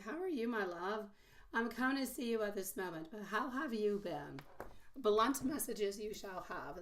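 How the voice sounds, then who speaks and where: A woman with a husky voice, hoarse from a mild cold, giving a live-stream tarot reading and calling her viewers sweetie and my love. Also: mid-range voice. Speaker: tarot reader.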